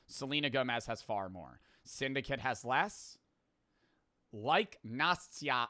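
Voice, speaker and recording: A young man in his twenties giving excitable live commentary as he plays a game, muttering low and then shouting, swearing freely. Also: slow pace. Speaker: gaming streamer. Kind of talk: live gaming commentary to chat.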